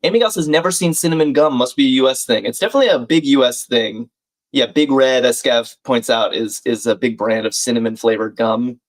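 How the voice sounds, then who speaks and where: A man hosts a live crossword stream and chats casually. He thinks out loud, reads clues and viewers' names, and tosses friendly asides to his chat. His voice sits at an everyday middle pitch. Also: brisk. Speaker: livestream host.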